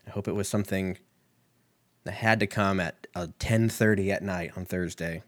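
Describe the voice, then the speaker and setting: Low-voiced profane man rambling. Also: fairly even intonation, normal speed, no echo. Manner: crude, profane, self-mocking, tangent-prone. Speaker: podcast host. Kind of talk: rambling casual monologue.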